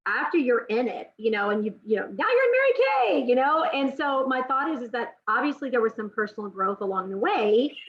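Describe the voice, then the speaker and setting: A woman's voice: fairly high pitch, big pitch swings, fairly quick, hardly any pauses. A woman hosting an interview, asking long rambling questions full of fillers. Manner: rambling, many fillers while framing questions. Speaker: interview host. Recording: dull lo-fi audio.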